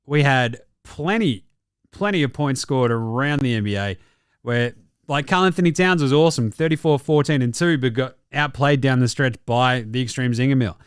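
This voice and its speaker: A man's voice: medium pitch, moderate pace, smooth, no echo, clean studio sound. Brash Australian man, sports host. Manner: brash, profane, jokey. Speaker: basketball show host. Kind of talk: casual sports commentary.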